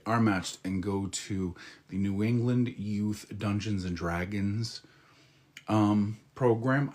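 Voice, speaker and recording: A man chatting live with his viewers in a flirty, teasing way, drawing out his words and murmuring softly, while getting over a head cold. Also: lowish voice. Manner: flirty, teasing, slow drawl with soft murmurs. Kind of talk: casual live-stream chat.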